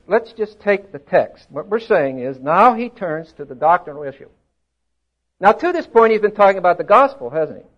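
Older male preacher, high-pitched, teacherly and emphatic, slightly muffled recording. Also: fairly bright tone. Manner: teacherly, asks the congregation questions, stresses words emphatically. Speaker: pastor. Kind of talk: expository sermon. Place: church hall before a congregation.

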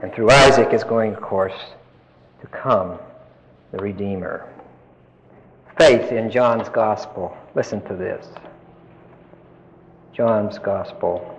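A man's voice: on the low side, slow pace, pauses often, long reverb tail, lo-fi sound, slight background noise. A man giving an emphatic Bible-teaching lecture, putting questions to his listeners as he explains. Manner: emphatic, asks the class questions.

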